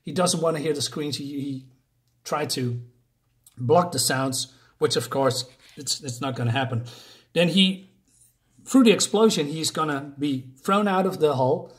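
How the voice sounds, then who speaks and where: A man casually recapping a comic book story with many restarts and fillers. He gets excited and laughs at the gory moments. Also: fairly high pitch, a little slow.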